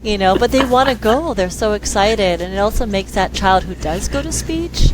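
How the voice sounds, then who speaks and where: Woman speech therapist, expressive interview guest, mid-range voice, audible background noise. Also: medium pitch, moderate pace. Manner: lively, acts out quoted dialogue in voices. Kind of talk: conversational interview.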